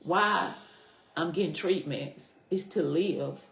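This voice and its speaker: A middle-aged woman with a very low, deep voice tells her own story as a podcast guest. She speaks earnestly and from the heart, repeating key phrases for weight. The sound has a noticeable echo from the room. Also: takes it slowly, a bit bright. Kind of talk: personal story in a podcast interview. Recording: echoey room.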